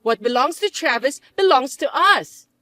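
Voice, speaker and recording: A woman voicing a scheming, entitled sister-in-law who talks in a sneering, shrill way. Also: lively intonation, normal speed, a bit bright, dry recording. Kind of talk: dramatized story dub.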